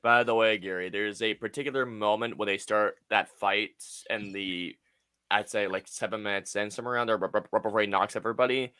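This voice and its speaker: A man co-hosting a casual podcast chat, enthusiastic and animated, often restarting his sentences. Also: lowish voice, a little fast, smooth, no echo, clean studio sound. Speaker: podcast co-host.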